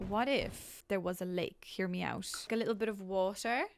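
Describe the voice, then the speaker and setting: A woman's voice: medium pitch, normal speed, no echo, studio quality. A young woman giving casual, rambling gameplay commentary while building, full of chatty self-deprecating asides. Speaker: game builder.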